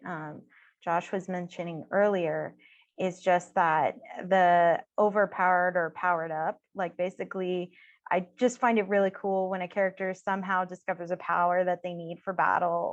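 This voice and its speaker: A woman's voice: fairly low pitch, no echo. A woman co-hosting a casual chat, talking enthusiastically and mimicking characters with mock exasperation. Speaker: podcast co-host.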